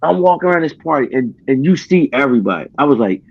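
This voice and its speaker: A man hosting a podcast, telling a story in casual chat, animated, acting out what others said and often restarting his sentences. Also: mid-range voice, fast talker, gravelly, slightly rough, dull audio. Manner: animated, acts out quoted dialogue, frequent restarts. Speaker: podcast host.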